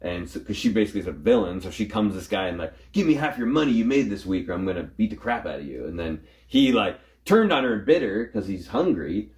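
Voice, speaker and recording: A man hosting a casual comic book chat, recapping a story in a rambling way and acting out the characters' lines in quick voices. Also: fairly low pitch, very animated, a little mellow. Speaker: comic book show host.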